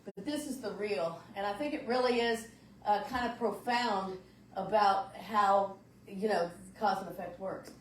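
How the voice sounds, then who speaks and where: A woman's voice: medium pitch, unhurried, slight background noise. A woman minister giving a conversational sermon in a folksy, searching way, often restarting her phrases. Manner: folksy, searching, repeats words when restarting. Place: church sanctuary. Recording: roomy church sound from a distant mic.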